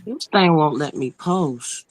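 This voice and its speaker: A woman chatting casually with friends on a live stream, with a playful, animated way of talking. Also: low voice, slow pace, slight background noise.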